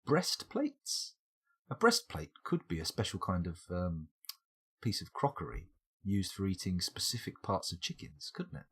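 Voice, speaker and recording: Husky man rambling over a game. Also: low-pitched, expressive, normal speed. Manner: rambling, playful tangents and wordplay. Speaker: game streamer. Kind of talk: casual live-stream gameplay commentary.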